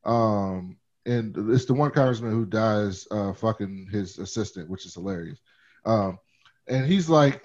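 A man's voice: on the low side, animated, unhurried, a little mellow. A man co-hosting a podcast, talking casually and digressively about a movie, swearing now and then. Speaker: podcast co-host. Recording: dull lo-fi sound.

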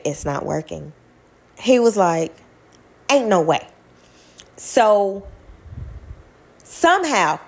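Blunt, animated young woman telling a story. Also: medium pitch. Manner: blunt, animated, swears freely. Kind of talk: casual storytelling to viewers.

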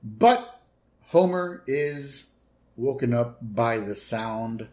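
A man's voice: lively intonation, drawn-out words, darkish tone. Man casually recapping a cartoon episode. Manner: retells scenes, briefly mimicking characters in higher voices. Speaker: podcast co-host.

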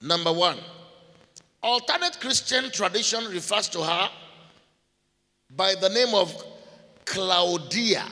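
A man teaching a sermon in a deliberate way, repeating key phrases and spelling out names letter by letter. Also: high-pitched, expressive, pushed and bright. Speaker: preacher. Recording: long hall reverb.

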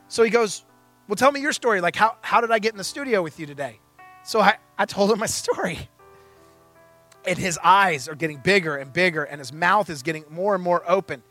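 With faint, soft music playing beneath him, a young pastor preaches a sermon built around a story, voicing every character's dialogue in an animated way. His voice sits high, sounding bright and forceful.

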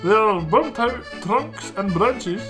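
A man's voice: high-pitched, lively intonation, slow, over music, pitched above the performer's own voice. A man putting on an old man voice, playing a rambling reporter wandering a wasteland. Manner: rambling, chuckling.

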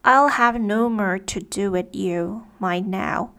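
A woman's voice: medium pitch, slow pace, fairly bright tone, smooth. A woman voicing a polite, curious young girl who keeps asking questions.

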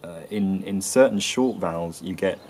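An English man with an English accent explaining accents and sounds in a lesson, often pausing with ums and restarting phrases. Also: low voice, a little mellow, slight background noise. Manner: hesitant, frequent ums and restarts. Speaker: accent and linguistics presenter.

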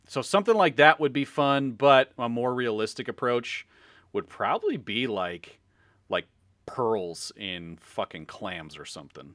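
A man hosting a casual group podcast chat, playful and quick to laugh. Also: lowish voice, fairly bright tone, dry recording, clean studio sound. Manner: laughs a lot, playful questions. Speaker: podcast host.

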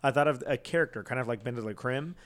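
A man's voice: mid-range voice, fast. Dramatic guy on a podcast, always laughing at himself, medium voice. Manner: dramatic, self-deprecating, laughing often. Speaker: podcast co-host. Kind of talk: casual chat.

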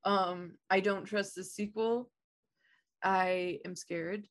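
A woman co-hosting a casual film chat, talkative and quick to laugh, with some swearing. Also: mid-range voice, fairly even intonation. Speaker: podcast co-host. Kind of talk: casual chat about films.

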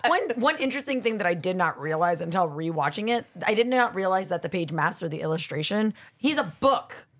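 A woman's voice: on the low side, sing-song, brisk, fairly bright tone. A woman co-hosting a casual podcast, chatting in an upbeat, giggly way. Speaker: podcast co-host. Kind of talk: casual chat.

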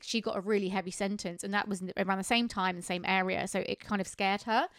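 A woman chats her way through true crime cases on a podcast. She talks briskly and conversationally, dropping in offhand remarks. The sound is dry and close, with no room around her voice. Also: mid-range voice, fairly even intonation, fairly bright tone, no echo. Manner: brisk, conversational storytelling with casual asides. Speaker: podcast co-host.

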